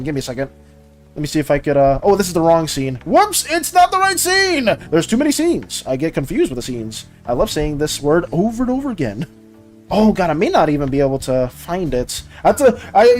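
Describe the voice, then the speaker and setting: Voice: mid-range voice, a little mellow. An art streamer chatting casually and rambling while working and reading chat on a live stream.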